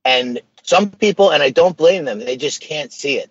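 Male podcast guest, husky, earnest and animated, dry slightly muffled audio. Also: a little high, normal speed, no room sound. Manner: earnest, animated storytelling with slang. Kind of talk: casual podcast conversation.

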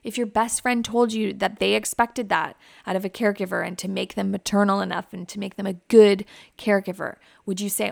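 A woman who hosts a psychotherapy podcast, guiding listeners through reflective questions in a gentle, advising way. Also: mid-range voice, fairly even intonation, brisk, vocal fry, few pauses, no echo, clean studio sound. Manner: reflective, asks many questions.

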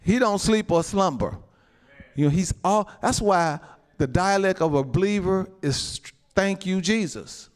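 High, lively preaching man. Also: measured pace. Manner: animated preaching, often shouting and laughing; calls out to the congregation. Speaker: pastor. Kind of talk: sermon.

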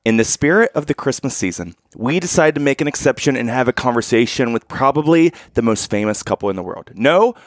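A man's voice: medium pitch, expressive, fairly quick, few pauses. A man hosting a podcast, giving upbeat introductions and asking interview questions. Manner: upbeat, scripted-sounding introductions. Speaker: podcast co-host.

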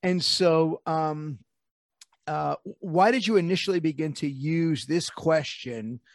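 A man with a gravelly, slightly high voice hosts an interview. He talks haltingly with many fillers and frequent laughter. The sound is dry and close. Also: dry recording. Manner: hesitant, full of fillers and laughter. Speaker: podcast host, PE teacher. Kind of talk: conversational interview.

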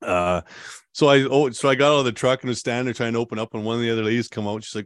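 A man guest telling his story in a casual interview, rambling and relaxed, with lots of fillers and laughs. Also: mid-range voice, rapid-fire, no echo, studio quality.

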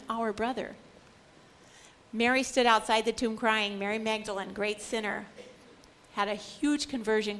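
A woman giving a Catholic teaching lecture to a group, animated and fond of repeating phrases for emphasis. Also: fairly high pitch, slight background noise.

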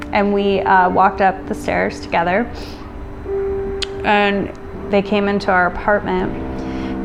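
American woman, middle-aged, lowish voice, emotional personal storyteller, light noise floor. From United States. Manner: emotional, recounting with reported dialogue. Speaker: guest.

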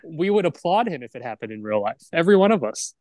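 A man co-hosting a film podcast in casual chat, animated and opinionated, arguing his points like the lawyer he is. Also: on the high side, fast, dry recording.

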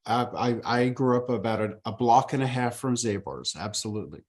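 A man from Manhattan speaking as a podcast guest, calm and measured, often pausing on fillers. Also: medium pitch. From Manhattan, New York. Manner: measured, many ums and you-knows. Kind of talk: casual interview chat.

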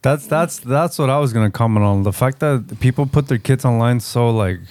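A man's voice: medium pitch, fairly quick, a little mellow, dry recording. A man drops short reactions into a casual chat. His comments are brief. The sound is dry and close.

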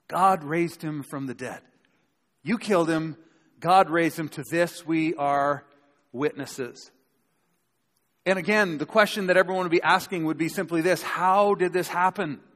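A man's voice: a little high, a bit bright. A man preaching a sermon in a conversational way, acting out the people he quotes. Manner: conversational, acts out quoted speakers. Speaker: pastor. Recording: long hall reverb.

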